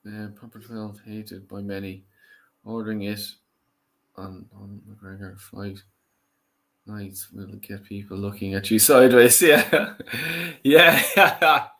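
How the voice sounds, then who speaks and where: Excitable Irish man with a bright voice. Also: fairly low pitch, takes it slowly. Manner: excitable, swears loudly at the match. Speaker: watch-along host. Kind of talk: casual football watch-along chat.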